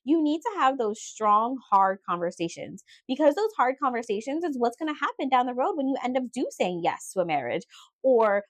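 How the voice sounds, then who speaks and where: A woman co-hosting a casual podcast chat, telling stories in an animated, slangy and emphatic way. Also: a little high, brisk, dry recording. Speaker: podcast co-host.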